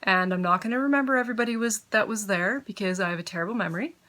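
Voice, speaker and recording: Bright-voiced chatty woman at home. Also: mid-range voice, very fast. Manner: chatty, grateful, easily sidetracked; talks with her mouth full. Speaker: knitting podcaster. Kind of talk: casual chat to camera.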